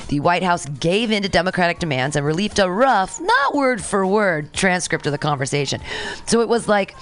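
A woman's voice: low voice, fairly bright tone. A woman hosting a radio show, chatting sarcastically about politics and reading news items aloud, with faint music behind. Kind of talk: casual political banter.

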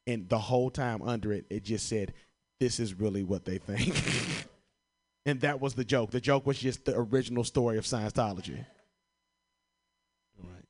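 A man's voice: fairly low pitch, moderate pace, long pauses, darkish tone. A young man from Chicago doing stand-up comedy, swearing often and laughing at his own jokes. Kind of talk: stand-up comedy answering prompts.

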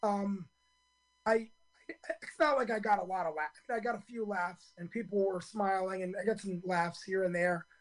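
A hoarse man in his fifties, a stand-up comedian telling his story in a radio interview, earnest and full of ums and restarts. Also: high-pitched, fairly even intonation, normal speed, rough recording.

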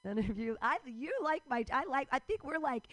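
Stand-up: middle-aged woman, rambling, fairly high voice, dry close sound. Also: animated, moderate pace, no echo. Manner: rambling, jumps into loud outbursts, laughs at her own jokes. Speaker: stand-up comedian. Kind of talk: stand-up comedy set. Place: live comedy show.

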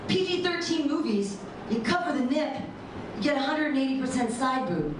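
A woman doing a bawdy stand-up comedy set with deadpan punchlines, recorded from far off in an echoey room. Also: high-pitched, moderate pace, noisy background.

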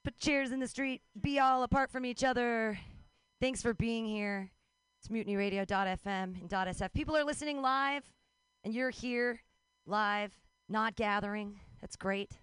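A young adult woman doing a wry, self-mocking stand-up set out in the street, with quick asides and put-on voices. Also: on the high side, a bit bright, clear, resonant tone, no room sound. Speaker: stand-up comic. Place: street outdoors.

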